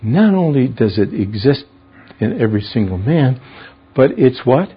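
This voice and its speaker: A man's voice: mid-range voice, very animated, moderate pace, husky. A man teaching a verse-by-verse Bible study. He explains the meanings of words and puts questions to his class. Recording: dull lo-fi recording.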